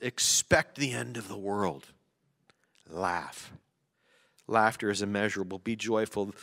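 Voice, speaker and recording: Bright-voiced male preacher in a reverberant hall. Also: fairly low pitch. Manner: conversational and joking, rising to emphatic reading. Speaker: pastor. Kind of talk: sermon.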